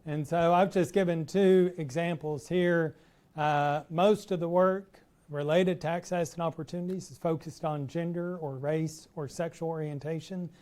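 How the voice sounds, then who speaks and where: A middle-aged man with a Texas accent giving an academic talk to an audience in a relaxed, conversational way with frequent "uh" fillers. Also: a little high, moderate pace. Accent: Texan. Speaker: professor giving an installation talk.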